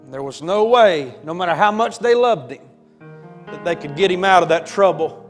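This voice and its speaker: A man preaching a sermon, telling a story dramatically and building to shouts. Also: high voice, animated, normal speed. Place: church sanctuary. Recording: long hall reverb with faint music.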